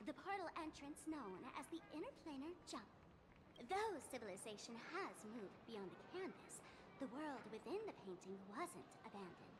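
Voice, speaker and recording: An actress voicing a lively young female game character who guides the group, delivered as game dialogue with a breezy, sometimes deadpan tone. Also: high-pitched, moderate pace, noisy background. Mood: explaining. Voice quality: animated, flat deadpan delivery at times. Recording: game audio with music underneath.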